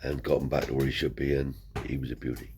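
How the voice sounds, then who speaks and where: A man with a very low voice spins a long, rambling tale in broad, everyday speech. He swears freely and slips into the voices of the people in his story. There is a faint hiss behind him. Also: level tone, fast talker. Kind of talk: casual spoken anecdote.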